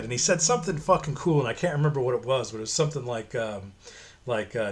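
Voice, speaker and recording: A man's voice: medium pitch, quick pace, slight background noise. A man giving casual, profane, opinionated commentary while reading a comic aloud. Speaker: comic reviewer.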